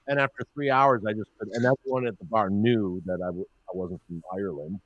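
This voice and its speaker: A man with a fairly low voice hosts a loose, casual chat. He tells profane, jokey stories and slips into put-on voices. The sound is dry and close. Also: steady tone, brisk, few pauses, dry recording. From Chicago area. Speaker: podcast host.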